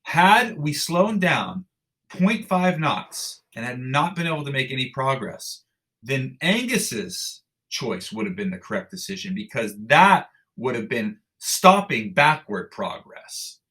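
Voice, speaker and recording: A man telling a story as a podcast guest, animated and blunt, swearing casually and restarting sentences. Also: mid-range voice. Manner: animated storyteller who acts out dialogue, with frequent restarts. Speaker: podcast guest, endurance athlete. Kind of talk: storytelling in an interview.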